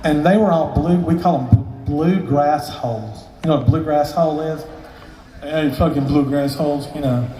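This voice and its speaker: Man spinning a crude, rambling yarn, slightly high voice, echoey hall from far off. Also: moderate pace, warm tone, slight background noise. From Southern US. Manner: rambling, profane, joking asides. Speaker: storyteller, luthier. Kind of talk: casual live storytelling. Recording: echoey hall, distant mic, faint ambience.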